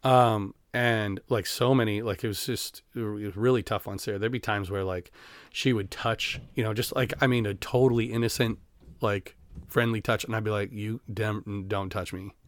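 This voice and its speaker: A man in his forties from Iowa talks openly as a podcast guest, halting and reflective, circling back through fillers and restarts. His voice sits low. The studio mic sound is close and dry. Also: fairly even intonation, no room sound. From Iowa, USA. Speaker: guest, band teacher. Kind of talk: candid personal interview. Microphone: studio podcast microphone.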